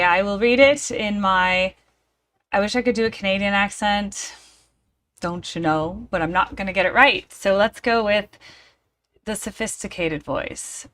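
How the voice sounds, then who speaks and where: A woman's voice: medium pitch, a bit bright. A woman with a mid-range voice hosts her reaction channel. She chats casually to her viewers and slips into playful, theatrical asides. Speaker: reaction video host. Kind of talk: casual chat to camera.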